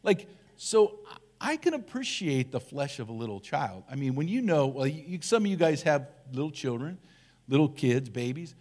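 An older man, a church elder, giving a relaxed conversational sermon and acting out the voices of the people in his story. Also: a little high, normal speed.

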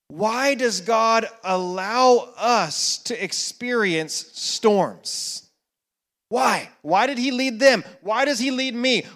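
Slow, high-voiced male preacher. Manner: slow, with dramatic hushed repetitions and rising emphasis. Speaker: pastor. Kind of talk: sermon.

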